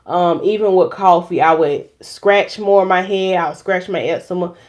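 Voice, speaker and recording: A woman's voice: on the low side, normal speed, a little mellow. Chatty, playful woman hosting a live chat. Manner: chatty, playful and churchy, addresses viewers directly. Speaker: hair stylist and channel host. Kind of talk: casual live chat with viewers.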